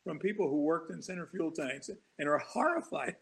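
A man talks as a guest on a talk show, spinning long anecdotes that wander, restart and break into chuckles. His voice is gravelly and husky, pitched a bit high for a man. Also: expressive, normal speed, poor audio. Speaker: author guest. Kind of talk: casual storytelling interview.

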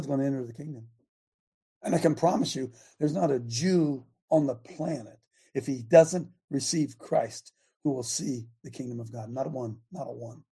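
A man's voice: medium pitch, mellow, slightly rough. A man hosting a religious broadcast, preaching and reading scripture aloud, emphatic and full of repeated rhetorical questions, often stopping to restart or make asides. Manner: halting, with frequent restarts and asides.

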